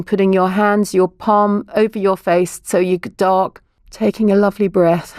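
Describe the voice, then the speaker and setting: A woman's voice: fairly low pitch, a little mellow, dry recording, clean studio sound. A middle-aged woman, a child therapist and broadcaster, explaining things earnestly as a guest in a podcast interview. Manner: earnest, explanatory, science-minded.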